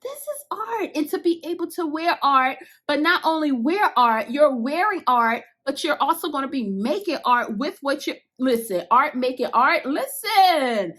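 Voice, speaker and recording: A woman chatting casually to her viewers while unboxing crochet hooks, gushing and excitable, speaking straight to the audience in loose everyday slang. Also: high voice, moderate pace, hardly any pauses. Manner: casual Southern-style slang like "y'all" and "I'ma".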